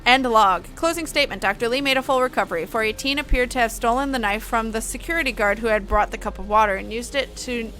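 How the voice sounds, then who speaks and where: Bright-voiced young woman reading aloud. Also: fairly high pitch, fast, few pauses, faint music behind. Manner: chatty, breaks off to comment and laugh. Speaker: streamer reading horror files. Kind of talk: casual dramatic reading.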